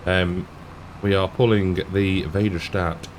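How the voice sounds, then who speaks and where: A British man giving relaxed, self-mocking commentary while playing a farming game at his desk mic, with frequent ums and little laughs. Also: low-pitched, slow, slight background noise. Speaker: gaming channel host. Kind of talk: casual gameplay commentary.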